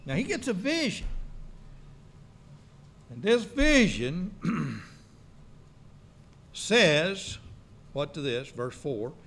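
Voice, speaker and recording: High-voiced folksy preacher man. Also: sing-song, drawn-out words, pauses often, a bit bright. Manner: folksy, joking, quizzes the congregation. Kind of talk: sermon. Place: church.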